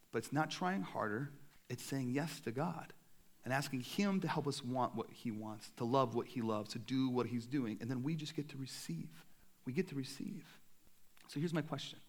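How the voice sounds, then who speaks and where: A young man, a pastor, preaching a sermon in a casual, animated way with self-deprecating humor. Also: medium pitch, moderate pace.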